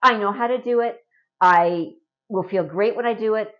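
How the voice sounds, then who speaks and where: A woman's voice: medium pitch, normal speed, lo-fi sound. A middle-aged woman from Canada talking casually and earnestly to camera in a home vlog, often adding a rhetorical "right?". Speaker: vlogger.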